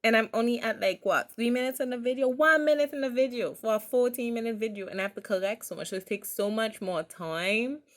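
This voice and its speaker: A woman's voice: a little high, a little fast, few pauses. A young woman with a French accent chatting casually in a vlog, grateful and rambling, often restarting her sentences. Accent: French-accented English. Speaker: vlogger and streamer.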